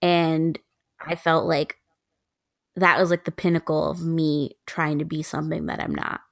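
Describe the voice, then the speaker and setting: A woman in her twenties, a podcast co-host, telling stories in casual chat, animated and laughing often. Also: deep voice, a little slow, no room sound, studio quality.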